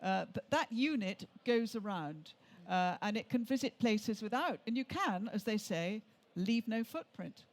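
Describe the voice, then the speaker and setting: An older woman from England, speaking at an everyday middle pitch. She tells her travel stories in a chatty, rambling way and often stops to restart a sentence. She speaks as an interview guest on a stage at a show. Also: lively intonation, unhurried, few pauses. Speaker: author and tour leader, interview guest. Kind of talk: conversational anecdotes on stage.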